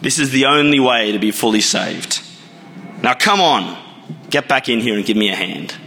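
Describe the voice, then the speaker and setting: Guy doing a cocky swimmer dude, breezy and high, brushing off every warning, long hall echo. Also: expressive, normal speed, sharp tone, slight background noise. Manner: breezy, dismissive, overassured. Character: cocky overconfident man, swimming champ.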